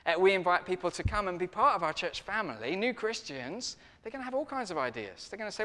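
A man preaching a sermon in a lively, conversational storytelling way. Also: high-pitched, fast, few pauses, in a large hall.

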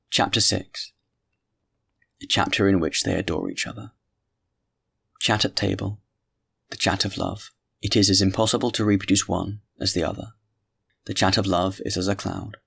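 A man hosting a podcast and reading a classic novel aloud in a measured, literary way. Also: low-pitched, creaky, a bit bright, slightly rough. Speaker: podcast host and narrator. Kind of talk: audiobook narration.

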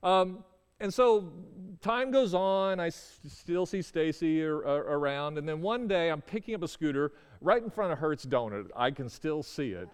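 A man telling a personal story in a halting way, with frequent stammered restarts. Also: fairly high pitch, animated, clean tone. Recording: long reverberant hall.

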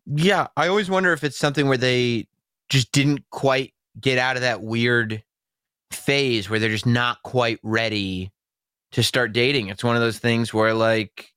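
A man's voice: mid-range voice, steady tone, measured pace, fairly bright tone, clear, resonant tone, no room sound, clean studio sound. A young adult man as a podcast guest in casual chat, telling self-deprecating stories and laughing often.

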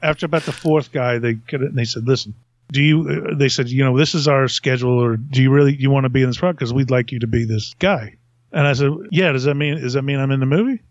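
A middle-aged man hosts a podcast, talking fast in a mid-range voice as he spins a loose, self-mocking story and laughs at himself. The audio is lo-fi, without echo.

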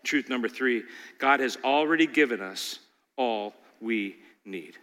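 A man preaching a sermon with animated rhetorical questions, sometimes acting out voices. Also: mid-range voice, a little slow, big-room sound. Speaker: pastor.

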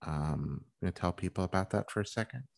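A man interviewing a guest in an earnest, measured, supportive way. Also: sits low, vocal fry. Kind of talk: interview conversation.

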